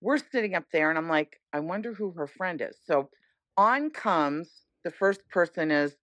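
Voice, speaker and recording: A middle-aged woman tells a story on a podcast, excited and acting out the people she quotes. Her voice sits a little low. The recording is close and dry, with no room sound. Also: normal speed, dry recording, highs cut off. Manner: animated, acts out quoted voices. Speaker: podcast guest. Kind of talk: casual storytelling chat.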